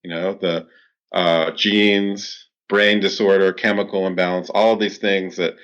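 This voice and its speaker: Very deep-voiced man explaining. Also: flat delivery, unhurried, fairly bright tone, poor audio. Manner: explanatory, many "you know" fillers. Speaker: clinical psychologist guest. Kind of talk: interview answers.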